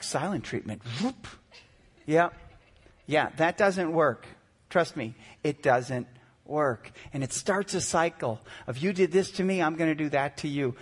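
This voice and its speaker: High-voiced man in his forties preaching. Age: 40s. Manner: animated, acts out quotes with shifting voices. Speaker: pastor. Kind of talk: sermon.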